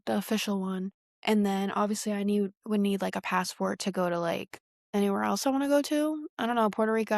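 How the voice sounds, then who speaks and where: A woman's voice: mid-range voice, vocal fry, no echo, studio quality. A young woman from the US Northeast, hosting a podcast and rambling in a slangy, casual way that leans heavily on "like.". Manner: rambling, slangy, heavy use of "like". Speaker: podcast host. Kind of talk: casual solo podcast chat.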